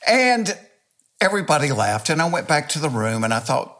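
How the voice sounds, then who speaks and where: Speaking at normal speed in a voice on the high side, an older Southern comedian from Georgia, US, shares folksy anecdotes full of self-mocking humor during an interview chat.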